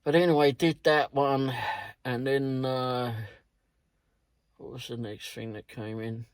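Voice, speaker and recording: A man's voice: medium pitch, fairly even intonation, slow pace, clean tone, dry recording. A middle-aged British man recounting his delivery shifts in a rambling, casual way, swearing freely and chuckling. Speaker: delivery driver vlogger. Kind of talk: casual storytelling vlog.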